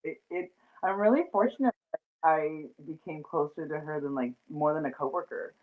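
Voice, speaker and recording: A woman's voice: low-pitched, normal speed. Chatty woman on a tinny line. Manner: chatty, lots of fillers and laughter. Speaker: host. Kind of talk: casual chat.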